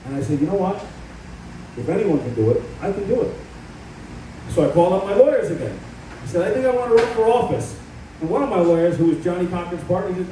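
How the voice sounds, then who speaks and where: A middle-aged political candidate delivers a combative campaign speech in a large event hall, telling stories about his own fight. His voice is on the high side, dark and mellow, with lively intonation and a quick pace. Heavy echo and a distant mic make him sound far away, over faint ambience and a slight hiss or hum.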